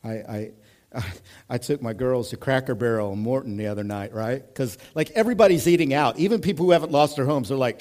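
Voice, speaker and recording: A male pastor in his thirties preaching a sermon in an animated, conversational way, moving between hushed and loud. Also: medium pitch, fairly quick.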